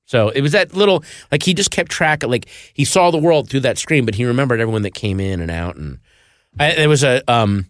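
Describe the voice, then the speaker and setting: A man, a guest comedian, telling stories in animated casual chat and acting out gruff quotes. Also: medium pitch, fairly quick, no echo, clean studio sound.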